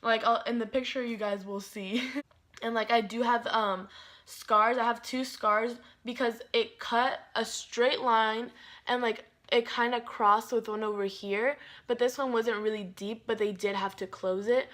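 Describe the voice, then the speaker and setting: A woman's voice: a little high, fairly even intonation, a little slow, a bit bright. A young woman vlogger telling a storytime in a chatty way, full of "like" and dramatic quotes of herself. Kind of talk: casual storytime.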